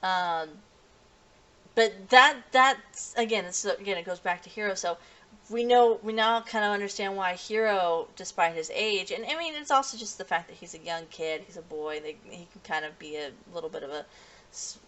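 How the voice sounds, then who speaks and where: A woman's voice: mid-range voice, lively intonation, normal speed, sharp tone. A woman casually reviewing an anime episode, rambling with lots of restarts and "you know" fillers.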